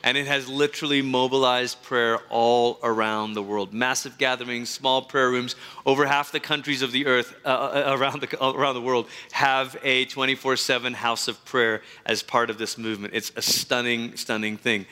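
Guy pastor introducing a guest at church, bright voice, lots of um and uh, big hall echo. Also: medium pitch, fairly even intonation, normal speed, hardly any pauses, clean tone. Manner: warm enthusiastic praise, frequent fillers and restarts. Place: church service.

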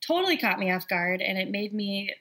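A woman's voice: mid-range voice, animated, brisk, bright, forceful tone. A woman co-hosting a casual talk show, chatting and quoting scripture conversationally. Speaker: podcast co-host. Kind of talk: casual faith chat.

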